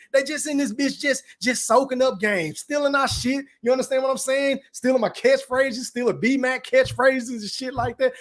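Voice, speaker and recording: A young man from Dallas, hosting a casual live stream, reading chat comments aloud and ranting in profane slang. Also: extremely high pitch. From Dallas, Texas.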